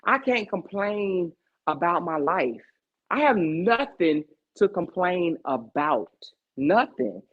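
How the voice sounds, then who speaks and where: A woman's voice: fairly low pitch, lively intonation, slow pace. Emphatic woman host, preachy heart-to-heart advice, rhetorical check-ins, muffled lo-fi recording. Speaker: podcast host. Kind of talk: casual heart-to-heart chat.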